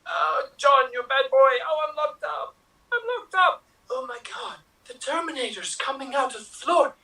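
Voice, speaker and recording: Improv bit: a man playing a frantic heroine who is secretly a robot, wailing, bright and far off. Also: high-pitched, measured pace, heavily acted. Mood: panicked wailing. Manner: wailing and squealing, then flat robotic menace.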